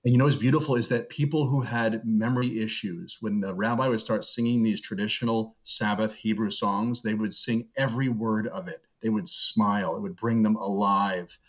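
A middle-aged man, a seminary professor, speaking as an interview guest and telling stories earnestly, slowing down to stress a point. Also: lowish voice, steady tone. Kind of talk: reflective interview storytelling. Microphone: video call. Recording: dull lo-fi video call audio.

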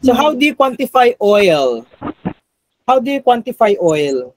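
A man's voice: very high-pitched, big pitch swings, a little slow, slight background noise, low-quality recording. Filipino male teacher quizzing a class. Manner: quizzing a class, mixing in Tagalog. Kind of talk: classroom review lecture.

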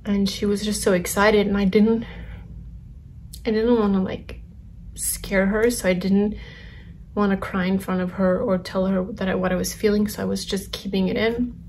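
A young woman vlogger telling a personal story in a soft, halting way that often sinks to a whisper. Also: mid-range voice, little pitch movement, a little hiss or hum.

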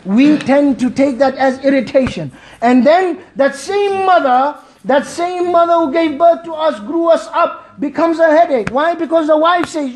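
A man from Malawi delivering an emotional Friday sermon, impassioned and pleading, at times near shouting. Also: extremely high pitch, moderate pace, hardly any pauses, a little hiss or hum. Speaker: preacher. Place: mosque. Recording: echoey mosque hall.

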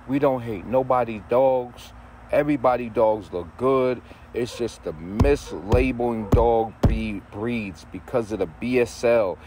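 A man's voice: medium pitch, background noise. A man, a dog breeder, ranting casually to camera in an emphatic way, repeating his points and using street slang.

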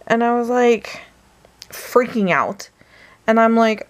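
A woman's voice: a little high, expressive, unhurried. A woman vlogging casually from her bed at night, rambling through a story and now and then dropping to a whisper. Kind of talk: casual bedtime vlog chat. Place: bedroom, in bed.

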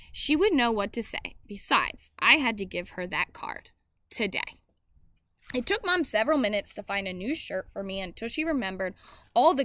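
A woman reading a novel aloud in steady first-person narration, with small slips she corrects as she goes. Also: mid-range voice, dry recording.

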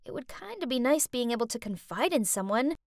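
A woman giving scripted first-person narration of an animated story, in an expressive, dramatic way. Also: a little high, brisk, no echo, clean studio sound.

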